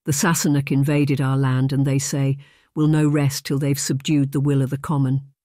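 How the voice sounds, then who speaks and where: A narrator reads a proud, solemn little Scottish lad with a broad Scots way of speaking, plain and matter-of-fact. The voice sits at a middle pitch. The recording is dry and close. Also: flat delivery, normal speed, mellow, no room sound, natural voice. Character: young red-haired Scottish boy, solemn and proud. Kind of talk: audiobook character voice.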